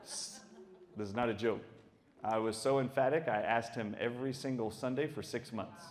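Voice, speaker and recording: Middle-aged man, doctor, storytelling talk, emphatic, animated, laughing often. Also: medium pitch, moderate pace.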